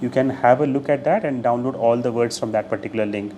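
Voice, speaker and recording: A man's voice: medium pitch, quick pace, dark tone. Man teaching vocabulary, slight background hiss. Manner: explanatory, repeats key phrases, occasional Hindi glosses. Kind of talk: video vocabulary lesson.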